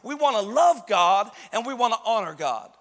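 A male pastor preaching a sermon with passion, shouting and letting his voice rise into a sing-song. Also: sits high, very animated, moderate pace, long reverb tail.

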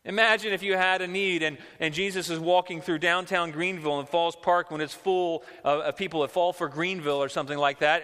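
A male pastor preaching in a conversational way, often slipping into acted-out quotes. His voice sits a touch high and rings bright and forceful. A long reverb from the church hall follows his words. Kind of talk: sermon.

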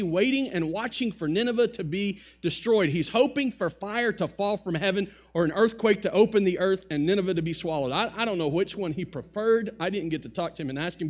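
Man, pastor, relaxed sermon, high voice, wry asides, dull lo-fi sound. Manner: conversational preaching with wry asides, animated paraphrase.

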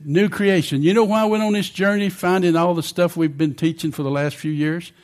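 An older man preaches a conversational sermon, checking in with his congregation along the way. His voice sits a bit above the usual male range, and he speaks a little fast with fairly even intonation.

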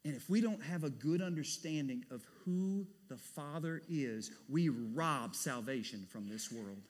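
A man preaching a sermon as pastor, animated, dropping to a hush and rising to loud bursts. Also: fairly high pitch, unhurried. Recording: long hall reverb.

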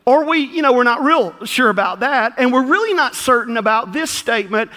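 A man's voice: very high-pitched, lively intonation, a little fast, pushed and bright, in a large hall. A man with a Southern accent preaching a sermon to his church, folksy and joking as he teaches. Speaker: pastor. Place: church sanctuary.

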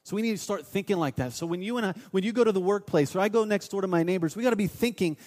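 Pastor preaching in a reverberant hall. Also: male voice, high voice, quick pace, few pauses. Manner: storytelling, shifts between loud urging and hushed asides. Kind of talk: sermon.

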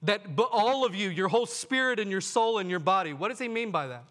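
A man's voice: sits high, lively intonation, brisk, a bit bright, in a large hall. A man preaching a sermon to his congregation, earnest, often asking them questions and calling them "folks". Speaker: pastor.

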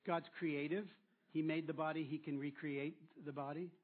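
A man's voice: fairly high pitch, flat delivery, moderate pace. A man preaching a sermon as pastor, drawing answers from the congregation and repeating them back with encouragement. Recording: tinny phone-like sound.

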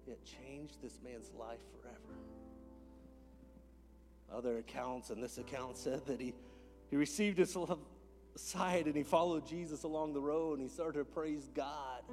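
A man preaching a sermon as a pastor in a church, moving between hushed whispers and loud, impassioned calls. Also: fairly high pitch. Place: church sanctuary.

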